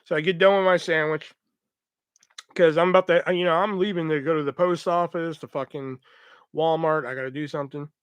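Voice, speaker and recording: A man with a fairly high voice tells a workplace story in a loose, rambling style, swearing freely and animating each quoted line. The recording is dry and close with no room sound. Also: steady tone, fairly quick, smooth, dry recording. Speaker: podcast host. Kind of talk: casual storytelling.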